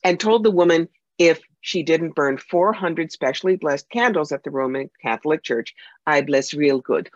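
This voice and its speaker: A woman's voice: sits low, normal speed, few pauses, no room sound. A woman psychic medium as a podcast guest, telling anecdotes in a punchy, emphatic way. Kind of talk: podcast interview, storytelling. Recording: dull lo-fi sound.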